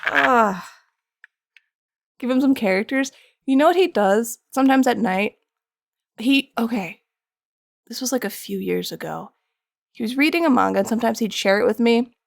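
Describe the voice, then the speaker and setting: A woman's voice: fairly high pitch, moderate pace, vocal fry, pauses often, no room sound, clean studio sound. A young woman chatting casually with her viewers while streaming art from home. She rambles, pokes fun at herself and laughs often. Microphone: streaming microphone.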